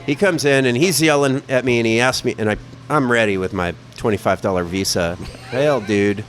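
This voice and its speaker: A man telling a travel story in a casual podcast chat, animated and profane, with lots of "like" fillers. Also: medium pitch, fairly quick, slight background noise.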